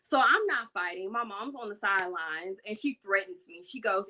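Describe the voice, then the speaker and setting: A young woman, telling a lively story in casual chat and acting out voices in her quotes. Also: normal speed, hardly any pauses, slight background noise. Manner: animated, acts out quotes with big pitch jumps. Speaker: self-defense business owner, guest.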